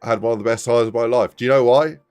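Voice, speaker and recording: A man's voice: medium pitch, steady tone, rapid-fire, darkish tone, clear, resonant tone, faint music behind. A man in his thirties, casually telling a rambling anecdote on a live stream, laughing often.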